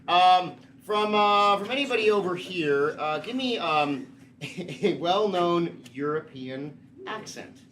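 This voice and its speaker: High-voiced man hosting an improv show. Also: expressive, slow, a bit bright. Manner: chatty, laughing, hesitant fillers. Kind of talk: live comedy emceeing. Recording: noisy live stage recording.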